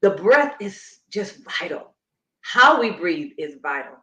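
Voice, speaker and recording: A woman's voice: fairly low pitch, big pitch swings, slow, bright, forceful tone. A woman who coaches Pilates and breathing, explaining emphatically in a conversational interview. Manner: emphatic, instructive, demonstrating as she explains. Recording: echoey room.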